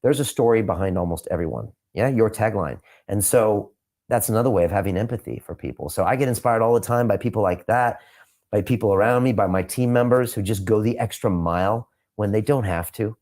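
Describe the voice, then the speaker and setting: A man answering interview questions, emphatic and repeating his points for punch, sometimes turning quiet and reflective. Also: on the low side, a little fast. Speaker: podcast host being interviewed.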